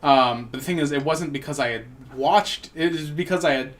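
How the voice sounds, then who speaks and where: A man's voice: a little high, brisk, a bit bright. A young man hosting a podcast, rambling and joking with lots of swearing in casual chat. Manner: profane, rambling, jokey. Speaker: podcast host.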